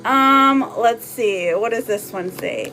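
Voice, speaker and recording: Playful high-voiced woman tarot streamer. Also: takes it slowly, pushed and bright, soft background music. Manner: chatty and playful, laughing often. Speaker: live tarot reader. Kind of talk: live-stream oracle card reading.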